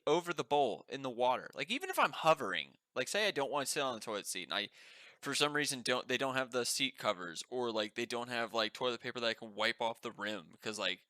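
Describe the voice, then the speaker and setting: A man's voice: mid-range voice, lively intonation, a little fast, sharp tone, no room sound. A man co-hosting a podcast, telling a story in casual, swearing chat. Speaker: podcast co-host.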